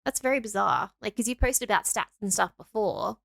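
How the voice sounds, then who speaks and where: A woman co-hosting a podcast in casual chat, giggly and playful, with quick reactions and interjections. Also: mid-range voice, lively intonation, vocal fry, a bit bright, no echo, studio quality. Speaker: podcast co-host.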